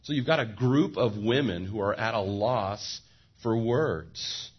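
A man preaching a sermon as pastor, animated, with joking asides and repeated words, on a dull lo-fi recording. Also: lowish voice, unhurried, breathy edge.

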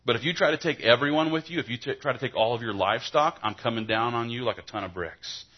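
A man's voice: medium pitch, quick pace, husky, lo-fi sound, close to an everyday voice. A man voicing a stubborn, bargaining male king in blunt, casual paraphrase. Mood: blustering.

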